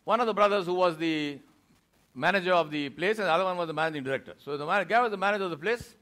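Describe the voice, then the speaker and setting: A high-sitting, racing voice belongs to this Indian man giving a Friday sermon in a mosque. He tells an animated story, acting out the voices of those in it.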